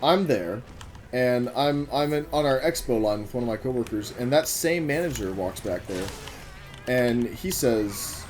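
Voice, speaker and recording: A man casually telling a story about his job while playing a game, rambling, swearing and making quick asides to the game, and getting over a cough. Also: mid-range voice, animated, a little mellow, slight background noise. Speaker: gaming vlogger telling a work story. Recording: music playing under the voice. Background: music.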